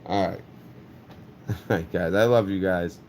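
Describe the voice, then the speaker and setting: A young man who hosts his own channel, ranting casually to the camera in a rambling, profane, animated way. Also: sits low, a little slow, slight background noise. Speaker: YouTube channel host.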